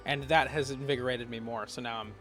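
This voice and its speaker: A man chatting casually on his game stream, relaxed and laughing often, swearing now and then. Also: medium pitch, fast talker, soft background music. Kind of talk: casual gaming stream chat.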